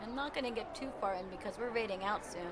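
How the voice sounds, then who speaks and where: A woman's voice: medium pitch, fast, heavy background noise. A woman streaming live, chatting casually with her viewers. She is chatty and giggly and trails off with fillers.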